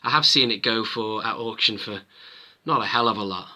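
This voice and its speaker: Chatty man with a very bright voice. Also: lowish voice, a little fast. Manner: rambling, chatty, self-interrupting. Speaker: toy collector channel host. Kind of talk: casual review chat to camera.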